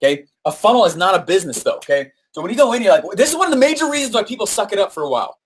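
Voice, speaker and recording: A man's voice: high voice, very fast, breathy edge. A man coaching on marketing in a live-streamed talk, telling a story with lots of fillers, "right?" tags and acted-out quotes. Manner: animated storytelling, acts out quoted voices; frequent fillers and "right?" tag questions.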